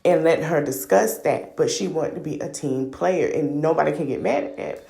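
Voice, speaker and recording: A woman's voice: sits low, normal speed, creaky, warm tone, roomy sound. A woman hosting a podcast, casually recapping a reality show in a gossipy, opinionated, slangy way. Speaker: podcast host.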